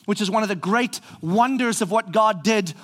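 Guy preaching a sermon, really high voice, gets loud and animated, does little voices. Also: normal speed. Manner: animated, acts out voices of the people, rising to shouts. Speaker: pastor.

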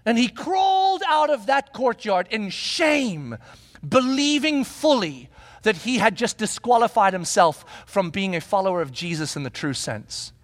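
A man's voice: high voice, sing-song, a little slow. A man preaching as a pastor, telling a story with rhetorical questions and acting out the people in it. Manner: acts out quoted dialogue. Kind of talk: sermon.

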